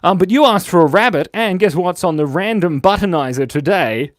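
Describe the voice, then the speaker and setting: An Australian man with a high-sitting, expressive voice talks briskly while running a kids' drawing livestream. The audio is clean and echo-free, and he jokes around casually while reading comments from viewers.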